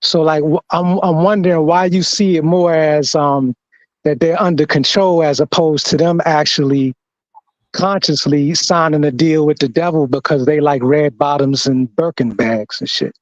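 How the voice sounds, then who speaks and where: A man on a discussion panel asking a thoughtful question, halting and searching for words. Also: a little high, steady tone, dry recording. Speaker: panel guest. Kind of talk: casual discussion. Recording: dull lo-fi sound.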